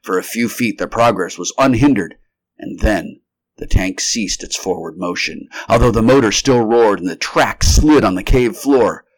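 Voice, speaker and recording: Male narrator with a fairly low voice, reading a vintage sci-fi story steadily and without rehearsal. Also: moderate pace.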